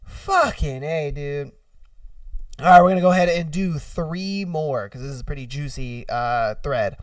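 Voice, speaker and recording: A man's voice: fairly high pitch, a little slow, dry recording, studio quality, far from the mic. A man hosting a casual podcast, reading posts aloud and riffing on them in a loose, profane way. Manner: loose, profane, laughs at his own retellings. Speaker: podcast host.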